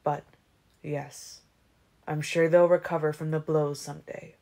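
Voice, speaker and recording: A woman voicing a serious young male vampire in an audiobook reading, grave and measured. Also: deep voice, flat delivery, gravelly, mellow.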